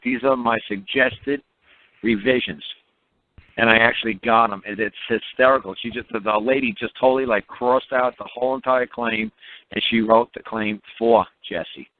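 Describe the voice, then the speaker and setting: Man, phone-line sound, rambling storyteller, acts out quotes, repeats words. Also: medium pitch. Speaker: speaker on a call-in teaching line. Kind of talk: rambling casual phone talk.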